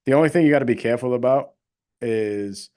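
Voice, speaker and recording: A man's voice: medium pitch, fairly quick, dark tone. Emphatic man. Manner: emphatic, rambling, fillers. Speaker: livestream host, real estate wholesaler. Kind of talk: casual livestream chat.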